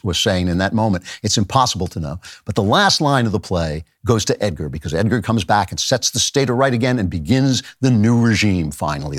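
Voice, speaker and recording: A man hosting a podcast, giving a commentary monologue on literature, slowing down to stress his key points. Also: fairly low pitch, dry recording, clean studio sound. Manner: reads out quoted verse in a raised voice. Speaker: podcast host.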